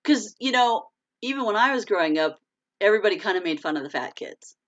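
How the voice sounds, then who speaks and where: A chatty woman in her forties hosts a casual live stream, talking openly with her viewers. Her bright voice swings up and down as she talks, and she laughs easily and answers comments as they come in. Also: medium pitch, animated, fast, dull audio. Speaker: author hosting a live chat.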